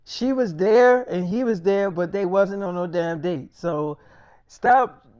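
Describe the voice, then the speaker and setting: A man's voice: high voice, takes it slowly, darkish tone, clear, resonant tone, no echo. A man telling an improvised story in a casual, slangy, rambling way, often stumbling and restarting his words.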